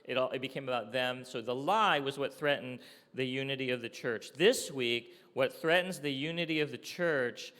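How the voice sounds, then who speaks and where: A pastor preaches conversationally, often checking in with listeners by asking "okay?" and "right?" His mid-range voice is a bit bright and moves at normal speed, and the recording carries a long hall reverb.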